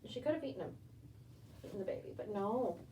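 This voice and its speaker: A woman's voice: medium pitch, animated, a little fast, warm tone. Woman reading a storybook to a rabbit. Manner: chatty asides to a pet. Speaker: rabbit-keeping homesteader and channel host. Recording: echoey room, distant mic, faint background noise.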